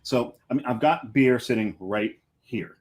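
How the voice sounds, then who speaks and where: A man's voice: mid-range voice, measured pace. A man co-hosting a beer podcast, chatting in a laid-back, rambling way, sometimes while eating. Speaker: podcast co-host. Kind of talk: casual podcast banter.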